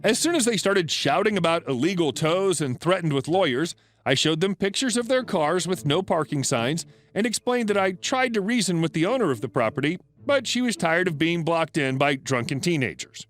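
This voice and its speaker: A man's voice: a little high, sing-song, normal speed, few pauses. A man narrating a story in a dry, matter-of-fact scripted reading.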